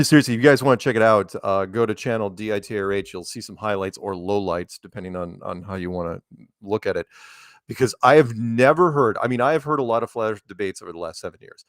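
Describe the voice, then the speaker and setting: A man's voice: on the low side, dry recording, clean studio sound. Rambling man in casual chat. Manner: rambling, laughs often. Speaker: guest.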